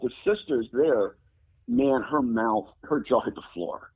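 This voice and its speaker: Man, interview guest, animated storytelling, husky voice, tinny phone-like sound. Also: unhurried. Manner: acts out quoted people with jumps in pitch. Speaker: guest demonologist. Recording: phone-like lo-fi audio.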